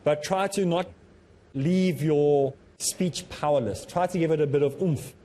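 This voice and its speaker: A man with a South African accent giving a steady lecture on public speaking, calling himself a bit monotonous. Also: fairly high pitch, a little slow. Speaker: Islamic teacher.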